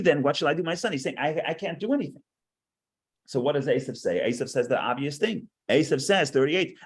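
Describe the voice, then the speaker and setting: Man, teacher, text study class, explanatory, reads verses aloud, repeats words. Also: mid-range voice.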